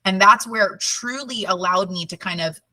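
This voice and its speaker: Bright-voiced woman telling a story. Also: medium pitch, normal speed, dry recording, recorded from a distance, rough recording. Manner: lively, chatty, laughs often. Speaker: podcast guest. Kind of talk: animated personal storytelling.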